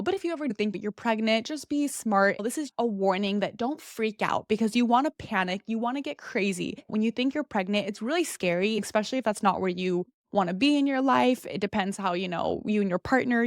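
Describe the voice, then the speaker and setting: A woman's voice: medium pitch, dry recording, studio quality. A young woman hosting a podcast, talking in a candid, chatty monologue full of "like". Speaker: podcast host.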